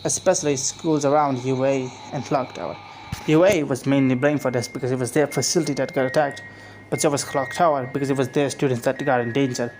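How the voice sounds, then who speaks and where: A man's voice: medium pitch, fairly even intonation, brisk, hardly any pauses, a little mellow, slight background noise, rough recording. A man casually reading aloud his own fan-made story, rambling with frequent restarts and self-corrections. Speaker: fan fiction narrator. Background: music.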